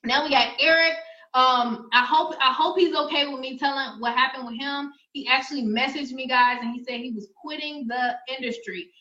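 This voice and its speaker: A woman trainer giving an energetic, chatty sales presentation to her audience, speaking. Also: sits high, moderate pace, reverberant, lo-fi sound. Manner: energetic, chatty, addresses audience as y'all and guys. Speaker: online business trainer.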